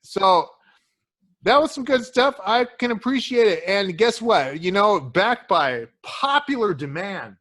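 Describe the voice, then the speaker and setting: A man with a slightly high voice co-hosts a podcast in crude, casual chat. He swears nonstop, throws "dude" around, and tells stories with lively energy. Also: a little slow. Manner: profane, swears constantly, calls listener "dude"; animated storyteller, acts out quotes. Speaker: podcast co-host.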